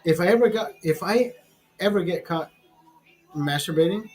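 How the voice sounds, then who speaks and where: High-voiced profane man rambling. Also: lively intonation, normal speed, darkish tone, faint music behind, poor audio. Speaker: show host. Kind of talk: casual chat over drinks.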